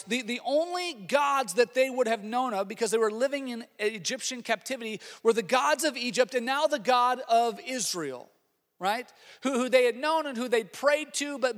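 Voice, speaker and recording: A man preaching a sermon as lead pastor, animated, swinging from loud exclamations to quiet asides. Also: very high-pitched, long reverb tail.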